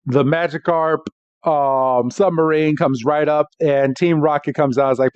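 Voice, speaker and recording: A man's voice: a little high, fairly even intonation, a little slow, a little mellow, clear, resonant tone, dry recording, highs cut off. A man co-hosting a podcast, casually recapping a cartoon episode and often laughing as he slips into mock character voices. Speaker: podcast co-host.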